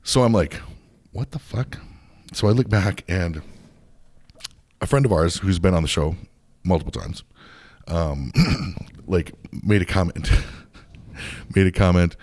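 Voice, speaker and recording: A man's voice: low-pitched, measured pace, long pauses, a little mellow. A man hosting a podcast, telling a long story in a heated, profane rant that rambles and restarts often. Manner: profane, heated, swears constantly. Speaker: podcast host.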